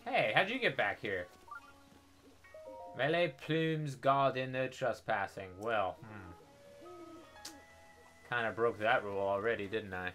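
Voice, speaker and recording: A man's voice: mid-range voice, slow pace, pauses often, fairly bright tone, soft background music. A young man giving casual, joking commentary over his game playthrough, sarcastic and profane. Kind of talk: casual let's-play commentary.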